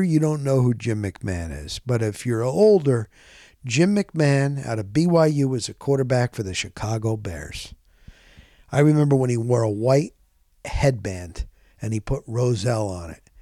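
A middle-aged man hosting a podcast, telling a rambling story in a casual, animated way and often correcting himself. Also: medium pitch, normal speed, no echo, clean studio sound. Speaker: podcast host.

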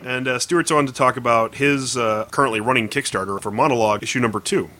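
A man's voice: mid-range voice, fast talker, sharp tone, slight background noise. A man hosting a casual comics podcast, recapping stories at length in an upbeat way. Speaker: podcast host.

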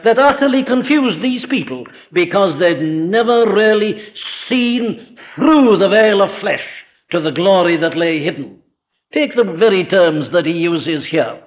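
A man with a high-pitched voice delivers an emphatic sermon. He presses his points with rhetorical questions and slows right down on key phrases. The recording sounds dull and lo-fi. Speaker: preacher.

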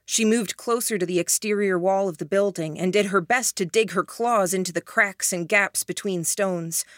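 A woman narrating an audiobook in a hushed, even reading voice. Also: medium pitch, normal speed, no room sound, studio quality. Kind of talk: scripted narration.

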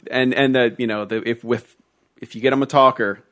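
A man's voice: medium pitch, fairly even intonation, brisk, fairly bright tone. A man co-hosting a casual film review chat, ranting bluntly and swearing freely. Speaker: podcast co-host.

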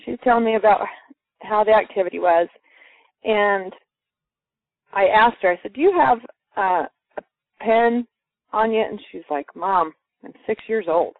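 A woman's voice: medium pitch, moderate pace, long pauses, no room sound. A woman telling a personal story to a group, acting out the voices of the people in it. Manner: lively, acts out quoted voices. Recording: muffled phone-line sound, dry.

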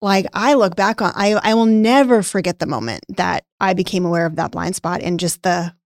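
A woman's voice: lowish voice, moderate pace, no echo, clean studio sound. A woman co-hosting a casual podcast, candidly telling a personal story and acting out past conversations, getting emotional at times. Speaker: podcast co-host, former nutrition practice owner.

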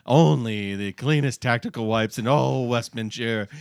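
Gravelly-voiced joking podcast man. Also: mid-range voice, measured pace, no echo, clean studio sound. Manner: jokey, riffs absurd bits. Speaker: podcast co-host. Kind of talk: casual comedic chat.

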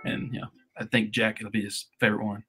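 A man co-hosting a podcast in casual chat, answering with quick short interjections. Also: lowish voice, monotone. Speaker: podcast co-host. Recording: loud ukulele music behind.

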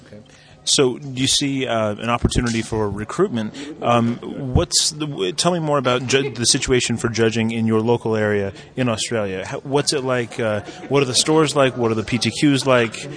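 A man's voice: medium pitch, normal speed. A man interviewing people casually, chatty and full of fillers and restarts.

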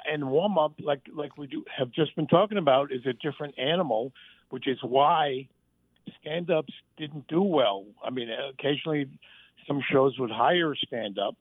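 A man, a former sitcom writer and warm-up comic, telling lively anecdotes in a casual interview and acting out the voices he quotes. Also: on the high side, normal speed, slightly rough, no echo. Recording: dry phone line.

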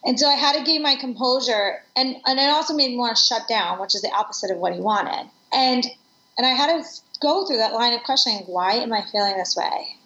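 A woman's voice: sits high, brisk, bright, forceful tone. A middle-aged woman speaking as an interview guest, reflective and earnest as she tells personal stories. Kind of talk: conversational interview. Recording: echoey room, dull lo-fi sound.

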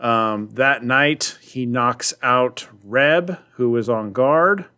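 A man's voice: mid-range voice, extremely slow, pushed and bright. A man co-hosting a casual podcast about comics, animatedly retelling a story with lots of ums. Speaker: podcast co-host.

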